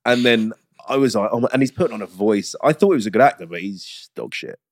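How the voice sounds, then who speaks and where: A man's voice: lowish voice, expressive, fast, dry recording, clean studio sound. A man co-hosting a podcast in casual chat, laughing often and swearing casually. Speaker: podcast co-host.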